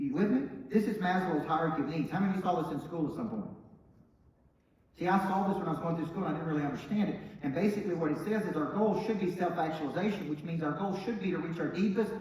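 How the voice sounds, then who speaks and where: A middle-aged man with a Southern accent giving an emphatic motivational talk, dropping low and quiet, then rising loud and bold. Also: fast, muffled recording. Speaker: motivational speaker. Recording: echoey hall, from far off.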